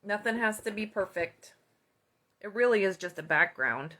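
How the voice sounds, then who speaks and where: Woman, bright clear tone, chatty crafting tutorial, self-deprecating asides, home desk. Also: medium pitch, expressive, normal speed. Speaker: card-making demonstrator.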